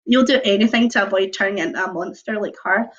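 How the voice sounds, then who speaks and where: A young woman reading a choose-your-own-adventure book aloud on a livestream, mixing lively narration with casual chatty asides. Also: medium pitch, fast talker. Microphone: computer or phone mic on a video stream. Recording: dull lo-fi livestream audio.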